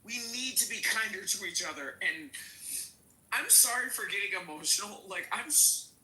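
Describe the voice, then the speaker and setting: A woman's voice: mid-range voice, expressive, normal speed, bright, forceful tone, echoey room, low-quality recording. A woman speaking as a panel guest, tearful and pleading, her voice breaking as she repeats herself. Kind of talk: emotional panel talk.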